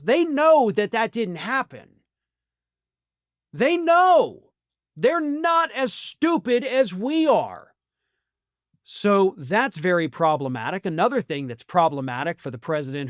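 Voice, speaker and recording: A man's voice: fairly high pitch, dry recording, clean studio sound. A man hosting a political commentary show, talking in a scornful, emphatic monologue with some restarts.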